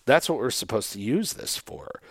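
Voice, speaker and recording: A man hosting a podcast in a casual chat, talking in a relaxed, rambling way with plenty of fillers. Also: mid-range voice, moderate pace, no echo, clean studio sound. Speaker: podcast host.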